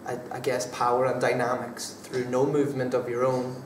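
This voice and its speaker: Hesitant young man, flat voice, far off. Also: mid-range voice, normal speed. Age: young adult. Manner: hesitant, many fillers and restarts. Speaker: drama student actor being interviewed. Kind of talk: casual interview answers. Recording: echoey room from far off, faint background noise.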